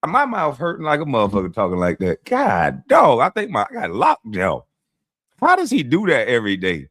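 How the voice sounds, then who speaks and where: A man's voice: medium pitch, wildly swooping pitch, brisk, a bit bright, dry recording, clean studio sound. A man ranting casually on his vlog, mocking and profane, often laughing. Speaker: vlogger and commentator.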